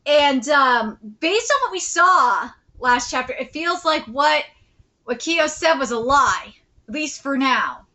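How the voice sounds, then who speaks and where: A woman's voice: high-pitched, slow, rough recording. A woman hosting a live manga reaction, chatting casually with lots of fillers and reading the chapter aloud. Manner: chatty, many fillers, excitable. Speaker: host.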